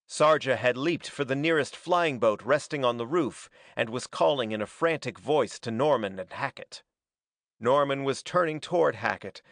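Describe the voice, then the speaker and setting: A man reading a pulp adventure story aloud as a dramatic, steady narrator. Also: mid-range voice, no room sound, clean studio sound. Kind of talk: scripted audiobook narration.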